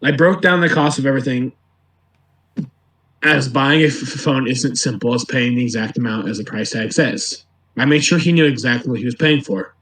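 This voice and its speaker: A young man, a podcast guest, telling retail stories in an animated way, laughing as he goes. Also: mid-range voice, fast talker. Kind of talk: casual podcast storytelling. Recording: echoey room.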